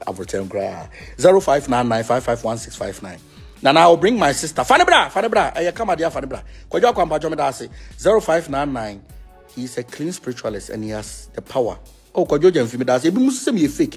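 Animated Ghanaian man, husky voice. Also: medium pitch, a little fast, soft background music. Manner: animated, teasing, switching between Twi and English. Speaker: spiritual movement leader. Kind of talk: casual talk reacting to viewers.

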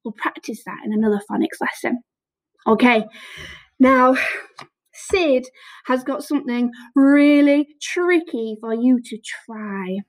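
A woman primary teacher leads a phonics lesson for small children, recorded to camera. Her voice sits high and she talks slowly, breaking words into sounds and praising every try. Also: low-quality recording. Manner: slow, encouraging, sounds out letters with lots of praise.

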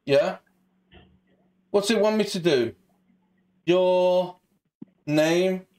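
Scouse man, high-pitched, mouthy and sweary, mock hard man on a prank call. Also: drawn-out words, darkish tone. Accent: Liverpool (Scouse). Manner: brash, sweary, mock-tough. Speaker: scambaiter.

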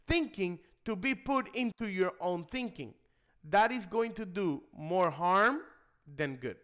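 A man with a high-pitched voice leads a video lesson for nursing exam students. He speaks with emphasis and often checks in with the listener. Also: fairly bright tone.

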